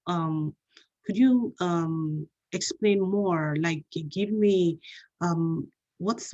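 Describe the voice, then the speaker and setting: A woman with a low, mellow voice plays a counselor in a role-play. She speaks gently and haltingly, often stopping to restart or fill a pause. The sound is the dull, lo-fi audio of a video call.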